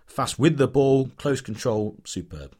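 A man's voice: medium pitch, animated, a little slow. A man from England co-hosting a football podcast, telling a rambling story full of fillers and restarts. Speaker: podcast co-host, football fan. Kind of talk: casual chat, storytelling.

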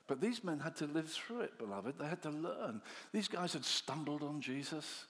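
Delivering a sermon at a moderate pace, a man brings the story to life by voicing the disciples and sinking to soft, low tones when lines turn quiet. A long hall reverb fills the recording.

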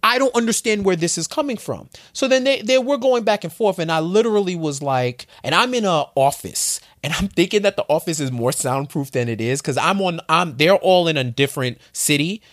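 A man, a podcast guest, telling a story in a casual, animated way with informal slang. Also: fairly high pitch, brisk, few pauses, no room sound, studio quality.

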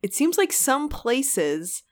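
A woman in casual chat, playful and reactive, musing slowly through her own theories. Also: high voice, very animated. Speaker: podcast co-host.

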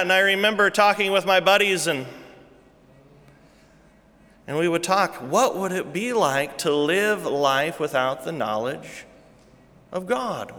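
A man preaching a sermon as pastor, repeating rhetorical questions and swinging between hushed, soft lines and loud, emphatic ones. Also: on the high side, in a large hall.

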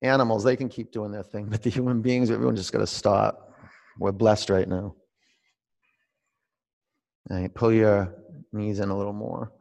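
Gravelly-voiced man leading a yoga class. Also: on the low side, in a large hall. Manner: relaxed, conversational, drawn-out cues. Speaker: yoga teacher. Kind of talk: guided yoga class instruction.

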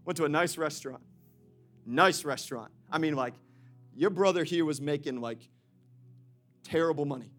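A young man preaching a sermon to his congregation, lively and direct, swinging from loud calls to quiet storytelling and laughing often. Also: fairly high pitch, moderate pace, pauses often, faint music behind. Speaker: pastor.

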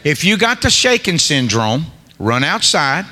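Joking male preacher, high tense voice, colloquial storyteller delivering a sermon. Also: big pitch swings, measured pace, bright, forceful tone, long reverb tail. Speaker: guest preacher. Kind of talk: humorous sermon.

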